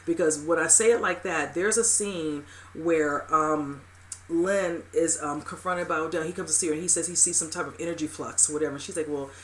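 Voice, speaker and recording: A host talks through a TV episode at a brisk clip, piling up fillers as they go. The voice sits at a middling pitch, and the delivery is loose and rambling, with emphatic exclamations. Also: steady tone, fairly bright tone, slight background noise. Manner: rambling, heavy use of "you know" and "whatever"; emphatic, exclaiming at upsetting scenes. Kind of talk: casual episode recap commentary.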